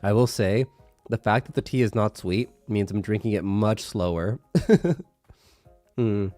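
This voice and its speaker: A young man chatting casually on a live stream, his voice thick from a congested nose. His pitch swings lively up and down as he laughs often and drops into halting Japanese. The sound is dry and close, with faint music underneath. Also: no echo.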